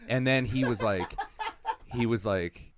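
A man's voice: mid-range voice, takes it slowly, background noise. A man from Wisconsin, a comedian, telling stories in casual chat and acting out what people said. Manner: animated storyteller, acts out quotes. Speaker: comedian, podcast co-host.

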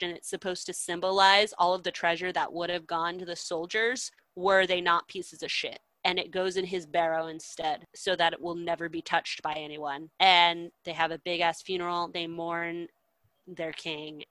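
A woman casually retelling an old poem, animated and full of swearing, acting out the characters' lines as she goes. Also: on the low side, no room sound, low-quality recording. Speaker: storyteller.

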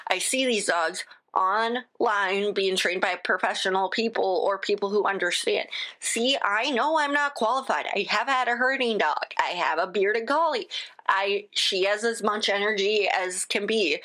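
A rambling, chatty woman on a solo podcast, who keeps breaking off mid-thought and starting over with "again." Her pitch sits in the middle, neither high nor low. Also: measured pace, pushed and bright. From United States. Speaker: podcast host.

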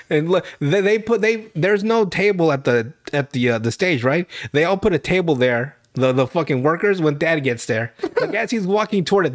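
Rambling, profane young man recapping a show. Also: a little high. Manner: rambling, profane, laughs often, many restarts. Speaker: podcast host. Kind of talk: casual chat.

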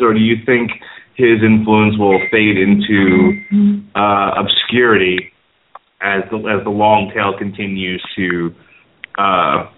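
A man hosting a radio talk show, animated and quick to laugh and jump in with questions. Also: fairly low pitch, noisy background. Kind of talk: casual talk show conversation. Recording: phone-like narrow sound.

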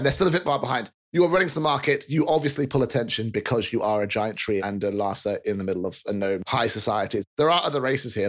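A man narrating a tabletop game as game master, in a brisk, casual, descriptive way. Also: mid-range voice.

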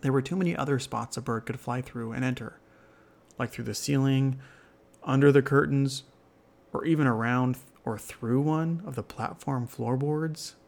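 A man hosting a storytelling show, reading a scripted children's tale in a gentle, measured way. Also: mid-range voice, steady tone, gravelly. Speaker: storyteller host.

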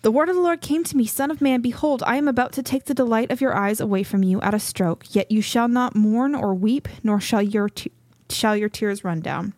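A woman reads scripture aloud at a measured pace as co-host of a Bible study. She sounds slightly out of breath. The recording is dry and close, with no room sound. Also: on the high side, dry recording. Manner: measured, steady scripture reading. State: a little out of breath.

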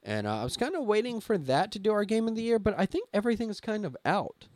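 A man's voice: high voice, quick pace, no echo. A young adult man hosting a podcast, telling stories animatedly in casual chat. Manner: animated storytelling, swears casually. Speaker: podcast host.

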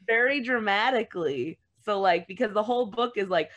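A woman's voice: medium pitch, animated, a little fast, few pauses, a bit bright. A woman in casual conversation, playful and upbeat, chatting about things she remembers. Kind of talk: casual chat.

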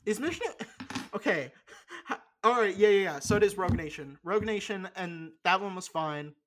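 A young adult co-hosts a podcast in a mid-range, slightly bright voice with lively intonation. The chat is casual, blunt and opinionated, full of swearing, with a loose, halting delivery packed with fillers.

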